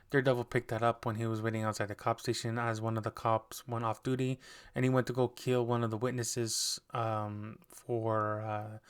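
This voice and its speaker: A man hosting a podcast, recapping TV episodes in a loose, rambling way with lots of fillers and restarts. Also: medium pitch. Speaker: podcast host.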